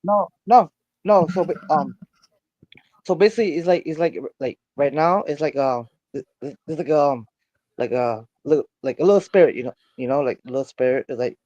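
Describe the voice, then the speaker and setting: A man tells his story over a muffled, lo-fi line. His voice sits a little high, and he rambles, stumbling over repeated words and fillers. The sound is dry and close. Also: fairly quick, a little mellow, no room sound. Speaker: caller. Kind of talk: casual storytelling.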